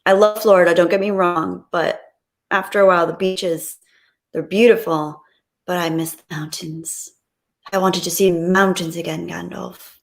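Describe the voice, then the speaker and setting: Reflective woman streaming, slightly low voice. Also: fairly even intonation, moderate pace, creaky. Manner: reflective, rambling, frequent ums. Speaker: live streamer. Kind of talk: casual live-stream chat.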